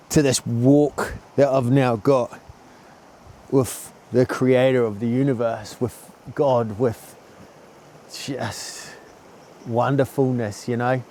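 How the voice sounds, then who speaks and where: Mellow-voiced man telling a candid story. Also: mid-range voice. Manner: chatty, earnest, says "mate" and "man" often. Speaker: vlogger.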